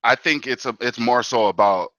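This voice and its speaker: A man guesting on a sports talk show, talking as an animated fan, full of "bro" and "man". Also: mid-range voice, moderate pace, no echo, muffled recording.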